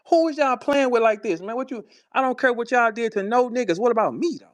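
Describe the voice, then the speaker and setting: Confrontational male host, high-pitched and profane, bouncing between taunts and laughter; dry sound. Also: fast, dry recording. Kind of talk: heated live audio chat. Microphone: online audio room.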